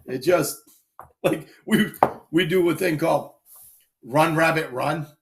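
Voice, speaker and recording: A man casually telling animated anecdotes on a live stream, acting out quick voices as he goes. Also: a little high, gravelly, noisy background. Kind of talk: casual storytelling.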